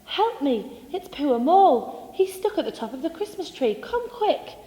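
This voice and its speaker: Breathless, urgent rabbit, put on by a woman, high-pitched and anxious. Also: very animated, a little slow, mellow, echoey room, in a large hall. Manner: panting, urgent.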